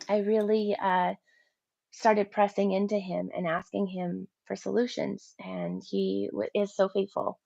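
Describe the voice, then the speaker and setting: A woman in her thirties, an interview guest giving a personal faith testimony, telling her story in an animated way and acting out her own past thoughts. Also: mid-range voice, normal speed, creaky, no room sound. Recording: dull lo-fi dry sound.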